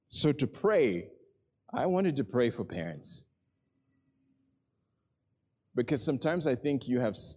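Earnest middle-aged man preaching. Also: mid-range voice. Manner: earnest storytelling, rising to excitement then softening to quiet prayerful tones. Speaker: pastor. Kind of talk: sermon. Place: church hall with a congregation.

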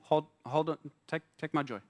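Animated, joking male preacher. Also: on the high side, normal speed, background noise. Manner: humorous, conversational, animated preaching with repetitions. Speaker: pastor. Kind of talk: sermon. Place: church hall before a congregation.

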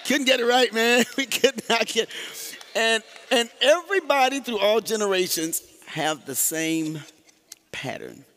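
A man's voice: very high-pitched, unhurried, in a large hall. A male pastor preaching a sermon, talking with the congregation and laughing often. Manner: animated, laughing, call-and-response with the congregation.

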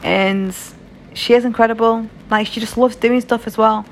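A woman's voice: fairly high pitch, fairly even intonation, normal speed, slight background noise. A young British woman telling a story in a casual vlog, frank and chatty, swearing freely. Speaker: vlogger.

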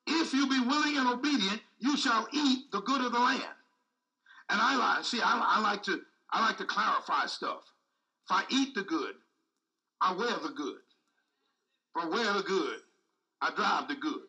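A man's voice: high-pitched, expressive, normal speed, long pauses, bright, forceful tone, distant mic, rough recording. A man preaching a sermon with speech, repeating phrases and calling out to the congregation. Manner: call-and-response preaching, repetitive, emphatic.

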